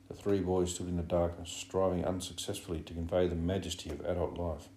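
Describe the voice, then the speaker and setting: A man with a very low, dark voice reads a novel aloud in a measured, grave way. The narration sounds roomy, with a noticeable echo. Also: flat delivery. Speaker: audiobook narrator. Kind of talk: scripted narration.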